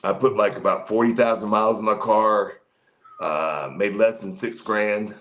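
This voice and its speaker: A man's voice: lowish voice, steady tone, moderate pace, a bit bright, poor audio. Man telling long backstage stories. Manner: rambling, with many fillers and restarts; acts out quoted people in a livelier voice. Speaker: guest, former pro wrestler. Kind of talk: casual storytelling in an interview.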